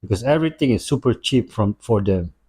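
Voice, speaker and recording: A man's voice: lowish voice, expressive, fairly quick, darkish tone, husky. Man giving short reactions. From Indonesia. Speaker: reaction video host. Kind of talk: casual spoken reaction commentary.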